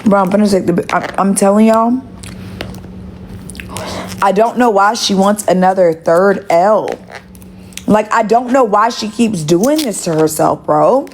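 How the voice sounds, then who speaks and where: A woman talking straight to her livestream viewers through a phone, her voice pitched at an ordinary middle height. She rambles through a story, cursing freely, swearing on her soul and hammering her points home. A faint hiss of noise sits under her voice. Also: measured pace, pauses often, darkish tone. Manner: gossipy, profane, emphatic swearing. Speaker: livestream host.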